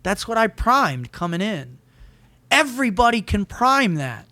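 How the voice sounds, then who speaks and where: High, bright-voiced fervent man. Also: big pitch swings, a little slow. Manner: emphatic and fervent, often restarting words. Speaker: podcast guest, motivational speaker. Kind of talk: energetic podcast conversation.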